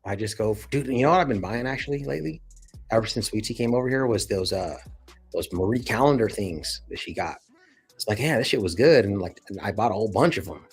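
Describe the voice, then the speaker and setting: A man's voice: lowish voice, lively intonation, fast, slightly rough, soft background music. A man hosting his channel in casual chat, telling a slangy, profane, rambling story. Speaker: channel host.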